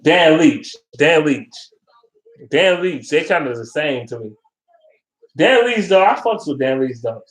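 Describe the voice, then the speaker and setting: A man ranting casually and profanely about football, animated and blunt, as a vlogger. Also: a little high, unhurried. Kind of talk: casual sports rant. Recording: roomy echo.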